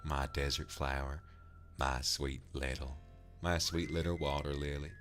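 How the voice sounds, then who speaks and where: A man voicing a flirtatious, smooth-talking cowboy with a put-on Texan accent, calling everyone darling. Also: a bass voice, steady tone, a little slow, music in the background. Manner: drawling, sweet-talking, calls everyone darling. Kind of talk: character voice on a livestream.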